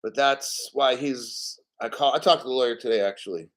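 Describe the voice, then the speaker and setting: A man's voice: medium pitch, moderate pace. A man giving casual live commentary on the news, blunt and profane, a little out of breath. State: slightly out of breath.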